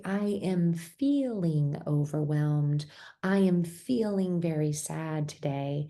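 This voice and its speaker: A middle-aged woman giving a gentle, reflective explanatory talk, often restarting her phrases. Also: medium pitch, creaky. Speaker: speaker on survivor mental health.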